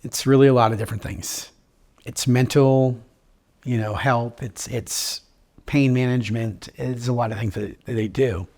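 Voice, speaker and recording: A man's voice: medium pitch, steady tone, moderate pace, darkish tone. A man telling his own story in an interview, upbeat and joking, acting out what others said to him. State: living with terminal illness. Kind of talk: personal storytelling.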